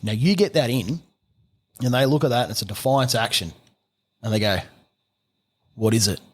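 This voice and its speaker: Australian man explaining, rambling and animated. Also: medium pitch, fairly quick. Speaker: gunsmith guest. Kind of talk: casual podcast chat.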